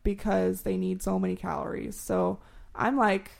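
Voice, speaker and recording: Chatty young woman with gravelly fry. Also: mid-range voice, flat delivery, moderate pace. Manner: chatty, laughs often, informal explainer. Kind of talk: casual chat.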